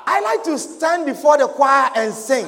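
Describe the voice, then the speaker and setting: A man preaching a sermon with slow, emphatic delivery, shouting his key points and drawing amens from the congregation. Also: extremely high pitch, sing-song, background noise. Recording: long reverb of a large hall.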